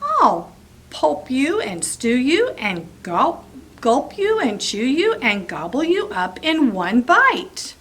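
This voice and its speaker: A grouchy, greedy storybook giant as a woman reads him out rumbles through his rhymes. His delivery swoops up and down in a lively way and takes its time over every word. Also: slow pace, husky, heavily acted. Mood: grumbly, greedy. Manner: rhyming, playful storybook delivery. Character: grumpy hungry male giant, growly and greedy.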